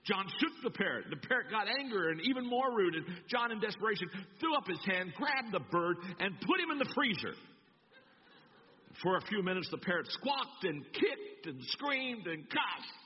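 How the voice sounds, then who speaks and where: A pastor preaching a sermon, telling stories and acting them out. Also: male voice, sits high, normal speed, breathy edge. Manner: animated storytelling, acting out voices. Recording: echoey church hall, dull sound.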